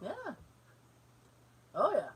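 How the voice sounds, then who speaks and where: A woman's voice: drawn-out words, slight background noise, poor audio. A woman co-hosting a podcast. She tells stories in casual chat, laughs often, acts out the voices she quotes and swears freely. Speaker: podcast co-host.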